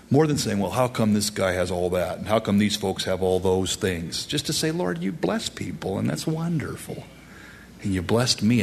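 Husky-voiced man preaching with animated swings. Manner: animated, swings to loud high emphasis and drops to whispers. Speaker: pastor. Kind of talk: expository sermon.

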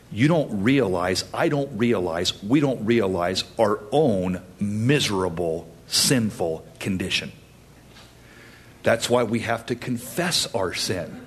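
Man preaching from the pulpit, earnest and emphatic, slightly husky. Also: mid-range voice. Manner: earnest preaching with dramatic pauses and rising emphasis. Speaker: pastor. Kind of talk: sermon.

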